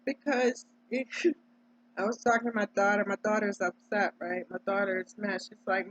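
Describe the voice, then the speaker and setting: A husky woman from Delaware holds forth in a casual, preachy monologue, pressing each point and checking in with "right?" as she goes. Her voice sits in a middle range and comes through dull, lo-fi audio. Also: medium pitch, fairly even intonation, moderate pace. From Delaware, United States. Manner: emphatic, preachy, tags lines with "right?". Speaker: vlogger.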